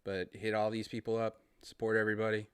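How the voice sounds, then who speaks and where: A man with a Boston accent rambles through a casual solo podcast in a friendly, easygoing way. His voice sits somewhat low and comes through smooth and clear. The recording is dry and close, with no room sound. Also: level tone, fast talker, no echo. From Massachusetts. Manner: rambling, friendly, laughs between thoughts. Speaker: podcast host.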